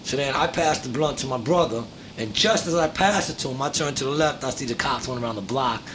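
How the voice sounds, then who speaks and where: A man hosting a casual podcast, telling a story in a profane, animated way and acting out the voices of the people in it. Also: quick pace. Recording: noisy recording with low rumble.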